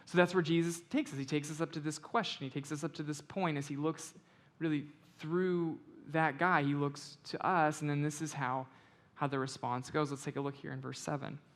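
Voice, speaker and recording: A man in the pulpit with a fairly high voice, talking through his sermon in a loose, conversational way. He reads scripture slowly and softly, then pushes louder and more emphatic as he drives a point home. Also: steady tone. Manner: conversational preaching, building to loud emphatic stretches. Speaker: pastor.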